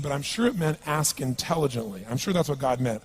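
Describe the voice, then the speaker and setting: A man's voice: fairly high pitch, expressive, fairly quick, a little hiss or hum. A man speaking as a motivational speaker at a live seminar, emphatic and punchy, often asking the audience questions.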